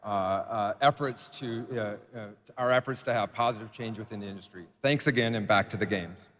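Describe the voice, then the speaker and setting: Executive guy doing a stage speech, kinda halting, lowish voice, hall echo. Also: a bit bright. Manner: hesitant, halting with fillers. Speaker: company executive. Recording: long hall reverb.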